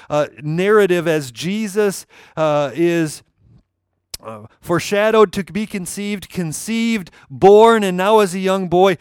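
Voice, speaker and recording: A man's voice: high-pitched, clear, resonant tone, dry recording, studio quality. A man preaching a sermon, emphatic and repeating key phrases for weight. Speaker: pastor.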